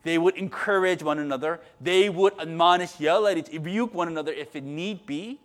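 A middle-aged male pastor giving a sermon in a conversational way, tagging lines with "right?" and swinging from quiet asides to loud, emphatic bursts. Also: fairly high pitch, a little fast.

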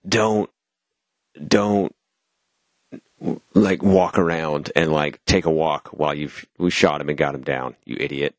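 A man's voice: extremely low pitch, a little slow, long pauses, no echo. A man hosting a casual movie review chat, blunt and sardonic.

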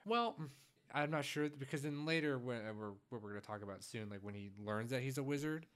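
Male podcast co-host, relaxed musing reflections on a film. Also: mid-range voice, fairly quick, smooth. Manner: thoughtful, rambling with fillers and hedges. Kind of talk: casual movie recap chat.

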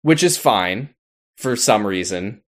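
A man's voice: on the low side, expressive, takes it slowly. A man co-hosting a podcast, casually recapping a TV episode in a wry way. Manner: wry, quotes characters in put-on voices. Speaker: podcast co-host.

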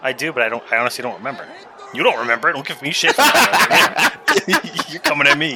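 A man's voice: on the high side, expressive, quick pace, very noisy. A man co-hosting a podcast, giving wry, sarcastic commentary while watching wrestling. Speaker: podcast co-host. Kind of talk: casual watch-along chat. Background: wrestling broadcast crowd.

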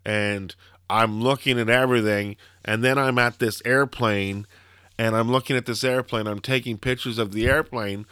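On a podcast he co-hosts, a man with a mid-range, steady, sharp, smooth voice speaks at normal speed. The clean studio recording has no room sound, and he chats casually, telling rambling stories full of fillers and swearing.

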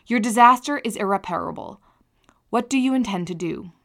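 A woman reading the part of a gentle, sympathetic young man consoling a grieving friend, in a tender, consoling manner. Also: mid-range voice, brisk, vocal fry. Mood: concerned.

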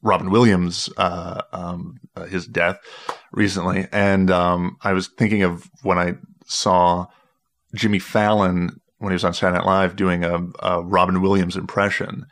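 A man with a very low voice in a relaxed conversation. He rambles through his story with frequent stops, restarts and filler words. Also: measured pace. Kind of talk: casual chat.

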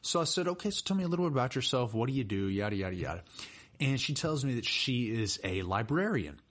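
With a mid-range voice and quick delivery, this young man, a personal trainer, chats on a podcast. He's an animated storyteller who laughs often and leans heavily on fillers.

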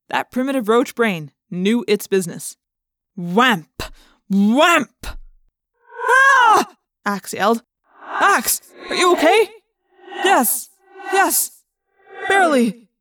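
Woman reading a story out loud, brisk and lively, middle voice, dead dry mic. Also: mid-range voice, no echo. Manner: brisk, vivid storytelling with sound words. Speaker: audiobook narrator. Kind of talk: first-person audiobook narration.

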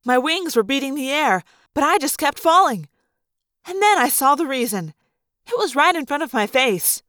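A woman reads a first-person story aloud, acting out the scenes with feeling. Her voice is high, and the sound is dry and close with no room echo. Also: animated, normal speed, a bit bright. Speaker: audiobook reader.

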